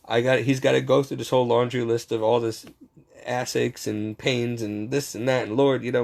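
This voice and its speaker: A man's voice: medium pitch, steady tone, normal speed, creaky. A man giving a casual, rambling faith monologue, poking fun at himself and chuckling as he talks. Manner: rambling, self-mocking storyteller; frequent chuckles.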